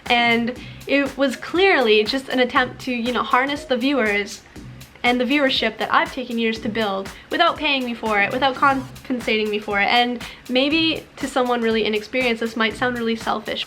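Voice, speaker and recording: A woman's voice: a little high, moderate pace, a bit bright, faint music behind. Frank woman vlogging to camera. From Canada. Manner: frank, conversational, frequent "like" fillers. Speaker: YouTuber. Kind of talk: candid talking-to-camera vlog.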